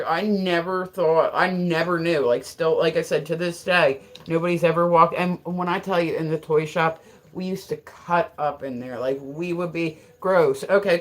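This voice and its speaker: A woman live streaming in a casual, rambling, frank and joking way, with lots of filler words. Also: lowish voice.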